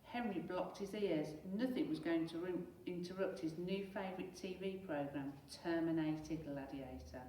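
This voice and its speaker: A teacher reading a children's storybook aloud in a lively, expressive way. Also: female voice, lowish voice, moderate pace, hardly any pauses, distant mic, a little hiss or hum. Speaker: primary school teacher. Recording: echoey room, away from mic.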